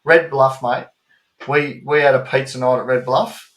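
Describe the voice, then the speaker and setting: A man with an Australian accent co-hosting a podcast, telling animated travel stories in casual chat and swearing freely. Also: mid-range voice, moderate pace. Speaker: podcast co-host. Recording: roomy echo.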